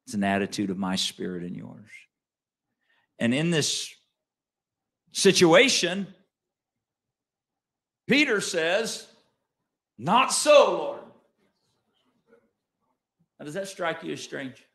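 Pastor, male, fairly high voice, dramatic delivery that jumps from soft asides to loud emphasis, conversational questions to the congregation. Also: sing-song, slow, creaky, pauses often. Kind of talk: sermon.

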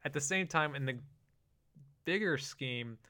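A man's voice: fairly high pitch, unhurried, sharp tone. A man co-hosting a casual podcast, easygoing and laughing often. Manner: easygoing, laughs often, many "you know" fillers. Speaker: podcast co-host. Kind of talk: casual chat.

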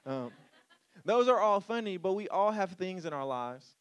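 Male pastor, casual joking sermon delivery, slightly high voice, dry close sound. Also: no echo. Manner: casual, joking preacher voice with "come on" asides.

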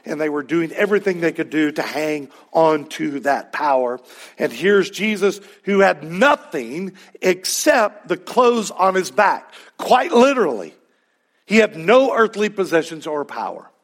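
Gravelly-voiced man preaching a sermon. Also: fairly high pitch, expressive, measured pace. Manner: emphatic, conversational preaching with sudden loud peaks. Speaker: pastor.

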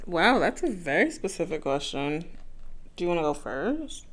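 A woman's voice: on the low side, very animated, normal speed. A woman co-hosting a podcast in casual chat, blunt and joking with a profane edge. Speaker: podcast co-host.

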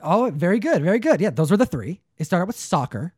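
A young man co-hosting a casual chat, telling stories in an animated way, often slipping into put-on voices and saying "dude" a lot. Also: high-pitched, brisk, slightly rough, no room sound, clean studio sound. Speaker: podcast co-host.

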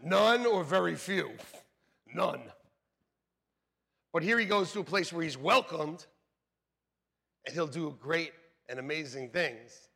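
A man pastor preaching a sermon in an animated, joking way, laughing often as he speaks to the congregation. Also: on the high side, slow pace, gravelly, long pauses, slightly rough. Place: church sanctuary. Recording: long hall reverb with faint music.

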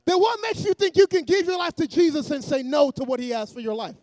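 In a church, a very high-voiced man preaches quickly and with energy, frequently shouting and cracking jokes aside to the congregation. No echo is heard.

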